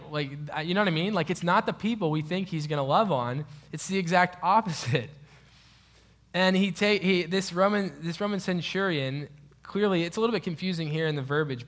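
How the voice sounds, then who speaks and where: A man teaching a Bible passage in a relaxed, conversational way, with frequent fillers and restarts. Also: medium pitch. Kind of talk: casual Bible study teaching.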